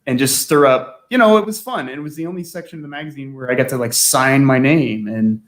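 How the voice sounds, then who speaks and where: A man's voice: medium pitch, quick pace. A man guest telling stories in a casual chat, often laughing and filling with "like". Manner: chatty storyteller, laughs often, fills with "like". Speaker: guest, former magazine staff writer.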